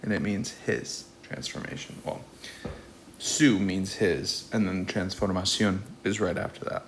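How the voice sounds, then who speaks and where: A man's voice: low-pitched, steady tone, a little hiss or hum. A young man teaching Spanish, reading a storybook aloud and explaining it in English at a patient pace. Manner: slow and patient, switching between reading and explaining.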